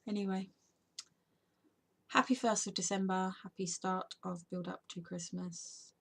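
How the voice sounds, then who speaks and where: A woman's voice: medium pitch, fairly even intonation, a little slow, creaky. A tired woman, chatting casually to camera in an unscripted home vlog, rambling and sometimes dropping to a whisper. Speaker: vlogger and podcaster.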